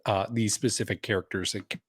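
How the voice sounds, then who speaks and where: A man's voice: on the low side, fairly even intonation, fast talker, breathy edge, no room sound, studio quality. A man co-hosting a podcast, talking conversationally about a reality show with hedging fillers and laughs. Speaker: podcast co-host. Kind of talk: casual reality-TV recap chat.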